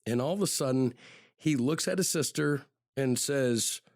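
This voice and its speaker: A man's voice: mid-range voice, normal speed, darkish tone, no echo, studio quality. A man hosting a podcast, telling a true-crime story in a loose, conversational way, often repeating words and saying "you know". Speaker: podcast host.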